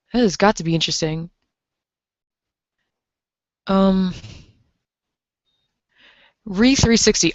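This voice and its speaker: On a dull lo-fi mic with no room sound, a woman in her 20s chats casually on her livestream. Her voice is mid-range, and she rambles, filling gaps with fillers and reading the chat aloud.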